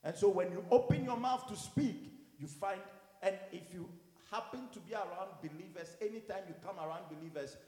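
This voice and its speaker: A man who is a pastor preaching a sermon, animated, going from quiet to loud and acting out what people say. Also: sits high, fairly quick, few pauses, reverberant, big-room sound. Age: adult with children. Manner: animated, swings from quiet to loud, acts out quotes.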